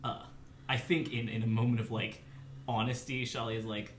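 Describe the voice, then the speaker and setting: A man playing a tabletop game who chats casually in an animated way. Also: mid-range voice, normal speed, a little hiss or hum. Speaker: player. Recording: roomy echo.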